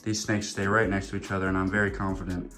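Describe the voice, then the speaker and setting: A man's voice: low voice, flat delivery, quick pace, a bit bright, soft background music. Chatty man vlogging his reptiles. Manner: chatty, jokey, talks to his snakes. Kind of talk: casual vlog.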